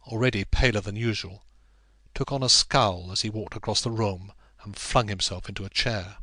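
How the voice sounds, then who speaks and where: A man narrating a classic novel as an audiobook reader, in a measured, even storytelling manner. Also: on the low side, dry recording.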